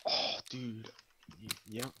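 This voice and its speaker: A man's voice: lowish voice, little pitch movement, takes it slowly, pushed and bright, a little hiss or hum. A man playing in a tabletop game, answering in brief casual replies with stutters. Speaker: player. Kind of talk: casual chat.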